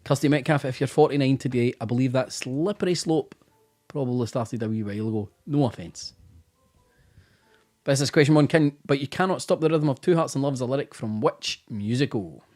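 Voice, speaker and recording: Chatty Scottish quiz host. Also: male voice, medium pitch, fairly quick, a little mellow, faint music behind. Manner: chatty, teasing, says he is tired. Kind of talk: casual live-stream quiz hosting.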